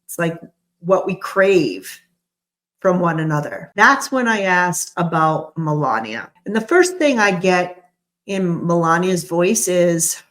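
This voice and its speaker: A woman's voice: lowish voice, big pitch swings, slow pace, fairly bright tone. A woman giving a tarot reading, musing aloud and stressing single words for drama. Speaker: tarot reader. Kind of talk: channeled tarot reading commentary.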